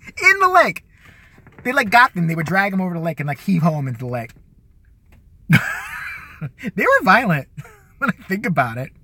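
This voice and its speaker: A man from the Chicago area tells crude, rambling stories live on his show, with frequent laughs. His voice sits a little high and sounds bright and forceful. His delivery swings widely up and down. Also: no room sound. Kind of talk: casual profane storytelling.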